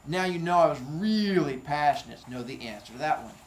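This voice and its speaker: A man teaching a class, reading a novel aloud and breaking off to joke and comment in an animated way. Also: on the high side, fairly quick, roomy sound, slight background noise, poor audio. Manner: animated and joking.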